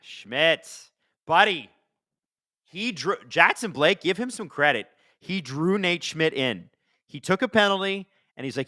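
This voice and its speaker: Bright excitable man calling hockey live. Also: a little high, measured pace, no echo, studio quality. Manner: chatty, excitable, swears casually, talks to chat. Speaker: host watching a hockey game live. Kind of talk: casual live-stream commentary.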